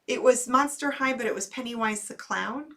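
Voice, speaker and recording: A woman's voice: a little high, normal speed, far from the mic. A woman horror movie host with a Midwestern American accent, chatting casually and giggling as she reads viewer comments. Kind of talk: casual chat reading comments.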